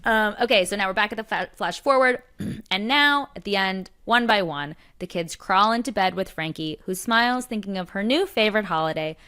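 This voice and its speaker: Animated woman podcast co-host. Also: mid-range voice, normal speed, few pauses, clear, resonant tone. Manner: animated, laughs often, acts out quoted lines. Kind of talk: casual chat.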